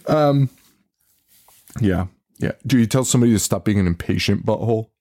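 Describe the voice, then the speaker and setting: A man's voice: lowish voice, fairly quick. A man co-hosting a podcast, casually recapping a movie with lots of swearing and laughter. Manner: profane, laughing, animated retelling. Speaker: podcast co-host.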